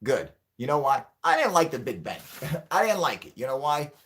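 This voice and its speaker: A man hosting a UFO livestream in casual chat with viewers, rambling and swearing, joking and laughing often, and turning loud and mock-heated when riled. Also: fairly high pitch, very animated, normal speed.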